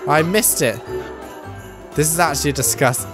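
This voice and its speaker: A gamer giving excitable, self-mocking commentary on a let's play. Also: medium pitch, normal speed, over music. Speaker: gaming YouTuber.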